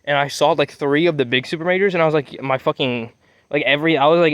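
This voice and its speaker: A man's voice: a little high, fast, fairly bright tone, no room sound. Rambling young man telling a story. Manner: rambling, swears often, loses his train of thought. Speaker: vlogger.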